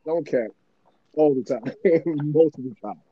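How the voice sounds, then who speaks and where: A man co-hosting a casual podcast, laughing often and swearing freely with a sarcastic, lively delivery. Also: fairly high pitch, measured pace, slightly rough, lo-fi sound. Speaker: podcast co-host.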